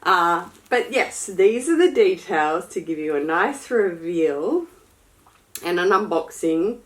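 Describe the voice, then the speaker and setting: A woman's voice: fairly low pitch, expressive, slow pace. A woman luxury fashion vlogger chatting casually and frankly to camera during an unboxing, with sassy asides.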